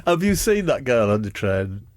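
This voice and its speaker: A man's voice: mid-range voice, normal speed, no echo. Guy rambling through a silly story, voice all over the place, dry close mic. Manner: rambling, animated voices in stories. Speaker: comedy podcast co-host. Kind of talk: comic storytelling.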